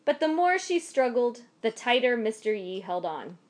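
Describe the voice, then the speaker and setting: Expressive high-voiced woman storyteller. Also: normal speed. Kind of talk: scripted folk tale narration.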